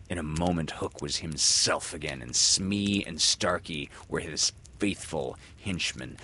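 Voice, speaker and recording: A man reading a children's story aloud in an expressive, lilting storyteller manner. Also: rumbling low, measured pace, few pauses, a little hiss or hum. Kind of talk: storybook read-aloud narration.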